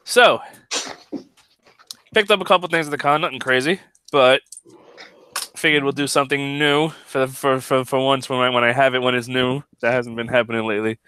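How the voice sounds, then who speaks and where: Male podcast host, congested, loose chatty delivery, bright crisp voice, dry sound. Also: mid-range voice, steady tone, brisk, long pauses, no room sound. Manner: loose and chatty, fillers and restarts. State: congested and phlegmy. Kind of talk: casual chat.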